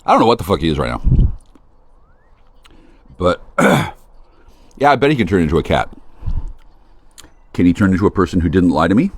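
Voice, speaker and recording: A man's voice: deep voice, animated, fairly quick, long pauses, darkish tone, slightly rough, dry recording. A man hosting a solo talk stream, rambling in a crude, sardonic way. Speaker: host.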